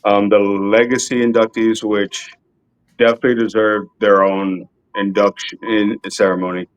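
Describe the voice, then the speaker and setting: A man's voice: on the low side, flat delivery, moderate pace, clean tone, dry recording, poor audio. A man chatting casually on a podcast, offhand and blunt, with a bit of swearing and hunting for words. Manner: offhand, swears, loses his train of thought. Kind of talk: casual chat.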